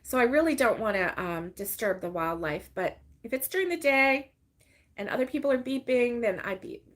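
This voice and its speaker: A woman's voice: fairly high pitch, expressive, moderate pace, fairly bright tone. An older woman, hosting a casual crochet livestream and rambling through stories with fillers and laughter. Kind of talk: casual chat to live viewers.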